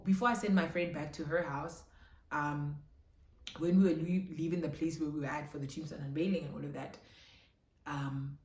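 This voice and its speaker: A young South African woman telling a casual storytime, animated and switching between English and isiZulu. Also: low-pitched. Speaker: vlogger. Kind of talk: storytime chat. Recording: roomy echo.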